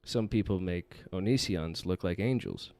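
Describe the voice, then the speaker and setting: A man's voice: sits low, moderate pace, warm tone, no echo. A man, a podcast guest, telling a rambling story in casual chat.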